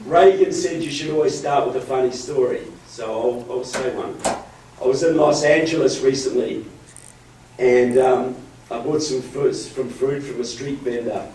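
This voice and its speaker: A man's voice: medium pitch, moderate pace, a little mellow, a faint crowd, a little hiss or hum. A man from New Zealand with a New Zealand accent and a cold, giving a joking, rallying political speech as guest speaker in a meeting room. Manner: joking, rallying, often says "folks". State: has a cold. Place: county board meeting room. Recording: echoey room, mic from far.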